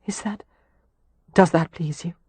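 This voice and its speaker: Woman doing shy nervous young woman, soft and hesitant, breathy. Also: fairly low pitch, big pitch swings, measured pace, no echo, exaggerated voice.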